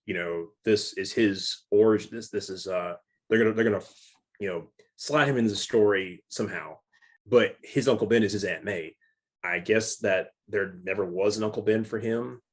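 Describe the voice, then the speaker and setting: A young man chatting casually about a movie, excited and stumbling over restarts and repeated words. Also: fairly low pitch, moderate pace, breathy edge. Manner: excited, stammering with many restarts. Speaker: movie reviewer. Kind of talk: casual chat.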